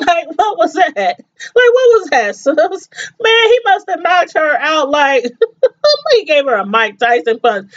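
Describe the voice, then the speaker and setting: A woman in casual chat recapping a TV episode, animated and laughing as she acts out the characters' lines. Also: high-pitched. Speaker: TV show reviewer. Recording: slightly dull, lo-fi sound.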